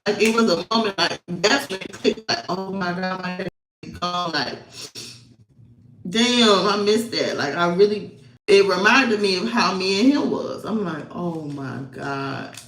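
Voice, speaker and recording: A woman's voice: fairly low pitch, a little slow, fairly bright tone, echoey room, soft background music, low-quality recording. A woman vlogger telling a personal story in a casual, rambling, emotional way. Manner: rambling, emotional, fillers and laughs.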